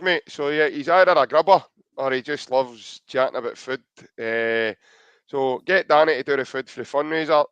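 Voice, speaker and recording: Scottish male co-host, jokey and casual, slightly high and smooth, dry close sound. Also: a bit bright, no echo. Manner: jokey, chatty, reads out viewer comments. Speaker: podcast co-host. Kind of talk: casual live podcast chat.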